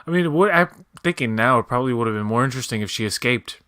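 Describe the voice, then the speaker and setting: Bright-voiced man rambling casually. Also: medium pitch, expressive, fast talker, clean tone, dry recording, studio quality. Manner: rambling, with many fillers. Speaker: podcast co-host. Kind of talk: casual chat.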